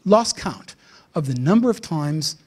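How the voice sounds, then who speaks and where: A man's voice: a little high, big pitch swings, unhurried, darkish tone, husky. A man giving a blunt, provocative conference talk with sardonic asides. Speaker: invited speaker.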